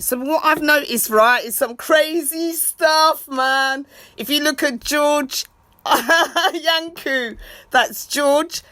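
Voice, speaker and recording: A woman in a rambling live video chat. She rants and shouts out to friends in an excitable way. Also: high-pitched, no room sound. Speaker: vlogger.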